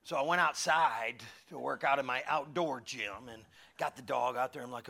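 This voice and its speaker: A middle-aged man preaching a conversational sermon with humorous stories, animated, moving from loud calls to hushed asides. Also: medium pitch, moderate pace, creaky. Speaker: pastor.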